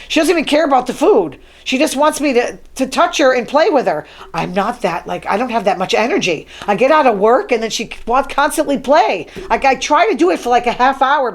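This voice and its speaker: A woman hosting her own talk show, reading news items from her notes and adding chatty, wry asides. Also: fairly high pitch. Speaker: show host. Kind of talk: casual solo talk show monologue.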